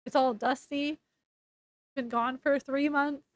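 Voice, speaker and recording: A woman's voice: high-pitched, steady tone, takes it slowly, dry recording. A woman casually retelling a novel's plot in a rambling, chatty way, full of fillers and restarts. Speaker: book reviewer. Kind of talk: casual book review recap.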